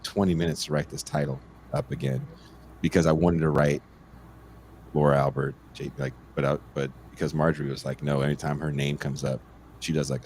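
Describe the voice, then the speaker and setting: A man hosting a podcast, loud and joking, chatting casually and slipping into silly voices. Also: a bass voice, slight background noise. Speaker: podcast host.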